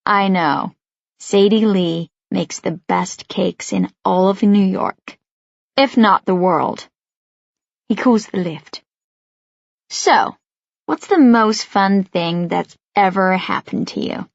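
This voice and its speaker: A woman voicing a cheerful, teasing young man from New York in an audiobook, in a relaxed, grinning manner. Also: medium pitch, slow pace, gravelly, dry recording, lo-fi sound. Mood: friendly. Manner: easygoing, grinning.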